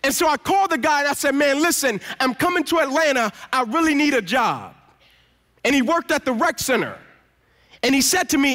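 A man's voice: very high-pitched, animated, fairly quick, pushed and bright. A man in his thirties giving an emphatic motivational sermon as a guest speaker in a church, telling a personal story and acting out the dialogue.

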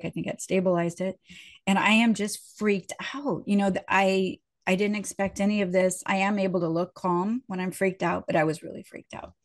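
During a sermon, a woman minister with a medium-pitched voice tells a personal story conversationally, acting out the voices of the people involved.

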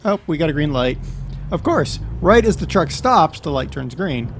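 A talkative man with a fairly high-pitched voice, riffing through a gameplay session. He jokes as he goes and laughs at his own remarks. A faint hum of noise sits under his voice. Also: big pitch swings, moderate pace. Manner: chatty, joking, laughs at himself. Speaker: gameplay commentator. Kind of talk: casual let's-play commentary.

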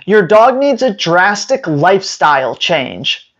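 A man's voice: sits high, very animated, fairly bright tone, muffled recording. A man giving dog training advice straight to his viewers in an emphatic way, now and then acting out owners and dogs. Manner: emphatic, acts out owners and dogs in quick voices. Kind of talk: direct-to-camera training advice.

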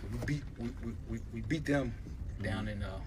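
A man's voice: mid-range voice, normal speed, recorded from a distance, heavy background noise. A middle-aged man, animatedly telling stories about his basketball days in a casual interview, swearing freely. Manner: animated storyteller, swears freely, acts out quotes. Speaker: former basketball player, guest.

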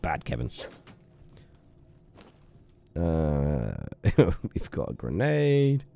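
A man's voice: a bass voice, huge pitch swings, extremely slow, gravelly, dark tone. A young man giving playful live gameplay commentary, chatting to his viewers and scolding an in-game character. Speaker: game streamer.

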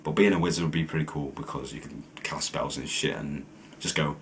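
A man's voice: rumbling low, fairly even intonation, brisk. A young man doing a casual challenge vlog, reading questions aloud and answering bluntly with plenty of swearing. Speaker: vlogger.

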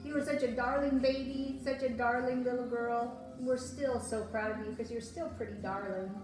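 A woman's voice: fairly high pitch, fairly even intonation, moderate pace. A woman, a parent, giving an affectionate congratulation message. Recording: echoey, distant, with music behind.

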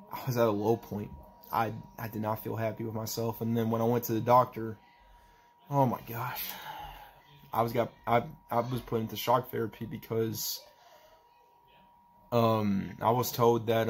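A young man talking in a personal vlog, halting and emotional as he tries not to cry, with a faint hiss behind him. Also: on the low side, creaky. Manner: halting, emotional, restarts often. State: holding back tears. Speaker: vlogger.

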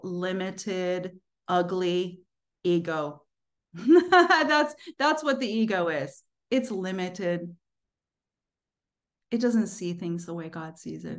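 A middle-aged woman giving a casual Christian teaching, telling stories in a lively, conversational way and laughing often. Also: mid-range voice. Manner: animated storytelling, frequent laughter; conversational, with fillers like "you know" and "like".

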